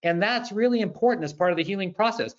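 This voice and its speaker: A man with a high-sitting voice speaks fast on a muffled recording. As a panel guest in a webinar discussion, he shares personal stories in a conversational storytelling manner.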